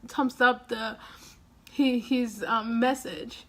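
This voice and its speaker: A woman's voice: on the high side, fairly even intonation, slow, a bit bright. A young woman vlogging casually, rambling and tearful after crying, breaking into small laughs and sighs. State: has been crying. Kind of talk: casual emotional vlog.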